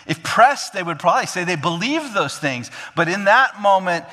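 Earnest male pastor, bright voice, hall reverb. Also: on the high side, very animated, normal speed, few pauses. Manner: earnest, acts out scripture scenes. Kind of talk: sermon.

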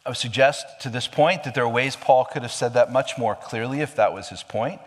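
A man's voice: medium pitch, a little fast. A man preaching a sermon, explaining scripture with emphatic, questioning delivery. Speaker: pastor. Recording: long hall reverb.

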